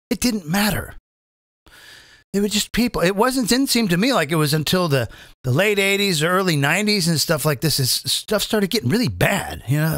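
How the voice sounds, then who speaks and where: A British American comedian in his fifties hosts a live comedic political rant, rambling, repeating phrases, and stumbling over restarts. His voice is high and fairly bright, captured with clean studio sound and no room sound.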